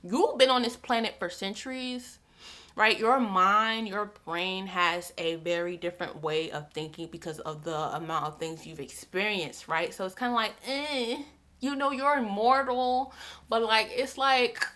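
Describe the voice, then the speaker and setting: Young female book vlogger, bright voice, loose chatty delivery. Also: medium pitch, a little slow. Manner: chatty, repeats herself, many "like" fillers. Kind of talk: casual chat.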